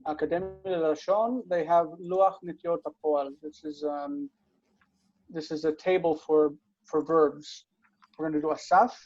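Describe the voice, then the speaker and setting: A Hebrew teacher gives an online grammar lesson over a video call, explaining patiently though with many fillers and restarts. The voice is mid-range, steady, slightly mellow and measured, and the call audio is muffled.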